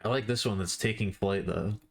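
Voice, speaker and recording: A man's voice: on the low side, brisk, creaky. A man chatting casually on a live stream while he draws, rambling and self-deprecating, with offhand swearing.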